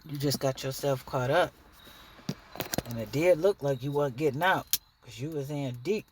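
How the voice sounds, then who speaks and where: A woman's voice: rumbling low, normal speed, background noise. A woman giving a blunt, profane, preachy monologue straight to the camera in her own vlog. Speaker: dancer and vlogger.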